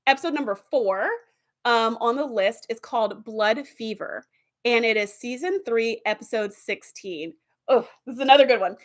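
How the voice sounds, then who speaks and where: A woman's voice: a little high, normal speed. A woman hosting a casual review video who retells TV episode plots with lots of fillers. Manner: animated plot retelling with many fillers. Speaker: video host.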